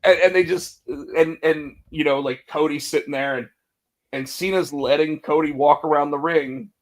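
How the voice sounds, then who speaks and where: A man co-hosting a casual wrestling podcast, telling the story with energy, acting out quotes and restarting his sentences often. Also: on the high side. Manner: animated storytelling, acts out quotes, many restarts. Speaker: podcast co-host.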